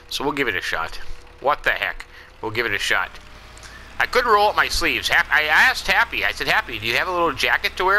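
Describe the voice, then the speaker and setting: A man's voice: lowish voice, sharp tone, rough recording. Folksy man narrating farm gameplay. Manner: folksy, rambling, chuckling asides. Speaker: let's play host. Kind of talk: casual game commentary.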